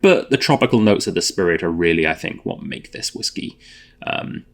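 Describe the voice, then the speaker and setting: A man with a fairly low voice hosts a relaxed whisky tasting. He talks casually and thinks out loud, with plenty of fillers and self-corrections. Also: normal speed. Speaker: host.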